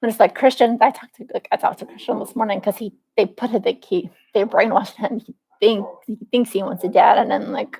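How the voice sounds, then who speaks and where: A woman's voice: medium pitch, steady tone, a little fast, vocal fry, warm tone, slightly rough, low-quality recording. A woman in her forties venting in a rambling, profane vlog monologue, full of restarts. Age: 40s. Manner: aggrieved, venting. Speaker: vlogger.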